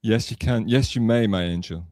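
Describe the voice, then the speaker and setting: A man's voice: on the low side, moderate pace, mellow, dry recording, studio quality. A man hosting a casual live stream chat, chatty and full of fillers, calling people darling. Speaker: streamer host.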